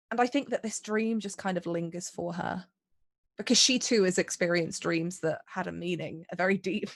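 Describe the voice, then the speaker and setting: A woman's voice: medium pitch, no echo, clean studio sound. A woman playing her character in a tabletop game, thoughtfully describing the character's feelings and actions. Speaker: player.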